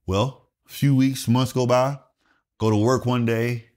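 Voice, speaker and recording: A man's voice: mid-range voice, a little slow. A man in his late forties from South Carolina, a retired Air Force master sergeant telling stories as a guest, swearing freely and acting out the dialogue. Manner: animated, profane storyteller acting out dialogue. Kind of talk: casual storytelling interview.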